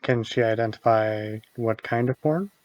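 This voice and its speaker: A man at a medium pitch plays a tabletop game, asking one question after another about what his character sees. His voice comes through a slightly muffled home mic with a dry sound. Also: normal speed, no room sound. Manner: curious, asks many questions. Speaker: player. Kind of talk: playing a tabletop game over voice chat.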